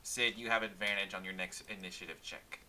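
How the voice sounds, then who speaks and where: A man playing a tabletop game, describing his character's spells in a measured way. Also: low voice, steady tone, bright, forceful tone. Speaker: player. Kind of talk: tabletop game play, casual.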